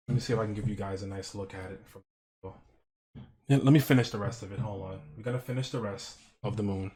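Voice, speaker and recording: A man streaming as he paints, in a quiet, gentle painting-show parody with deadpan dark jokes. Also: on the low side, fast talker. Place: home streaming setup.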